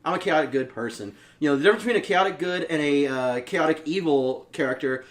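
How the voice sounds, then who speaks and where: A man co-hosting a casual gaming podcast, animated and boisterous, bursting into laughs and yells. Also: on the high side, fast talker. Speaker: podcast co-host.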